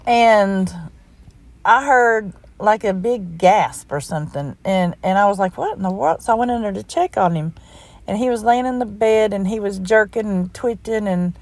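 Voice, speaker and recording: A middle-aged woman talks in a loose, rambling, folksy way. She is heartfelt and chatty, like someone telling a family story over coffee. Her voice sits at an ordinary, middle pitch for a woman. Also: normal speed, darkish tone. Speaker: crafting vlogger.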